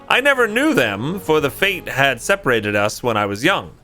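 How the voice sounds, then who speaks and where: A man voicing an earnest, gentle young male traveling priest while reading game dialogue aloud in a lifted, formal tone. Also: medium pitch, wildly swooping pitch, moderate pace, faint music behind.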